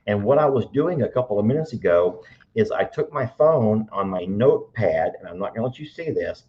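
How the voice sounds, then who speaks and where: A man's voice: on the low side, lively intonation, fairly quick. A middle-aged man hosting a live stream in a chatty, teacherly way. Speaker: livestream host. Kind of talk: casual live-stream chat. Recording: dull lo-fi sound.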